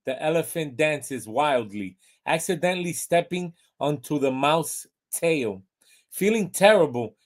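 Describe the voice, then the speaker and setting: A man hosting a pet show in an upbeat, loud way and reading animal jokes. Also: fairly high pitch. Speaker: show host.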